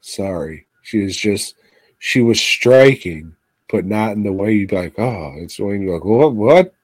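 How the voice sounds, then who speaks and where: Podcast co-host, male, low-pitched and unhurried, crude, sarcastic outbursts. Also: no room sound. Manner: profane, sarcastic, animated outbursts. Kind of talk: crude casual film chat.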